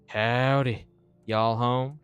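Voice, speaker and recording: A man voicing a loud, folksy old mama with a slow drawl. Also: fairly even intonation, smooth, lo-fi sound, soft background music. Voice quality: drawling, booming.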